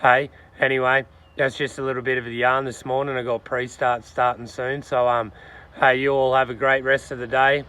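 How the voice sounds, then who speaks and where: A man's voice: medium pitch, flat delivery, normal speed, pushed and bright. An Australian man hosting a podcast, delivering a blunt, slangy political rant with swearing, recorded outdoors. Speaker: podcast host.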